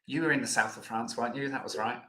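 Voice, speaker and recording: A man's voice: mid-range voice, fairly even intonation, fast talker, pushed and bright, roomy sound. A man hosting a live online Q&A lesson, chatty and loose, with plenty of fillers. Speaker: health educator host.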